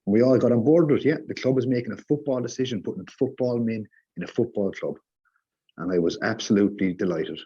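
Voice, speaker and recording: A man with a low, husky voice rants with heated sarcasm in casual podcast talk. His tone is dark and mellow. The audio sounds dull and lo-fi. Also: fast. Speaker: podcast guest.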